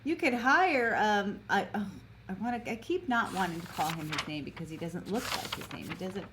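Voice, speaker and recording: A woman co-hosts a movie podcast, trading plot details and wry jokes in a chatty way. Her voice sits at an everyday pitch. A faint hiss runs under the recording. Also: a little fast. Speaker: podcast co-host. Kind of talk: casual movie podcast chat.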